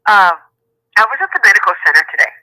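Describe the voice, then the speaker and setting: A woman's voice: medium pitch, fast talker, no echo. A woman caller telling a story in casual chat, acting out the people she quotes, heard over a phone line. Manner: animated, laughing, acts out quotes in many voices. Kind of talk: casual storytelling on a call-in show.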